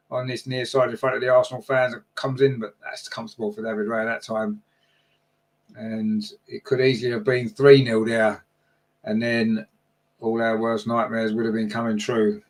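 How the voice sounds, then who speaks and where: A man gives live football commentary for a fan channel in a medium-pitched voice. Chatty and openly partisan, he jumps up in pitch and energy when chances arrive.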